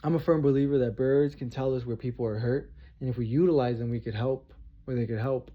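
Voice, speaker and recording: Man, heated profane rant, confrontational, mid-pitched voice, muffled lo-fi recording. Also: fairly even intonation, a little fast. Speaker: vlogger. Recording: dull lo-fi recording.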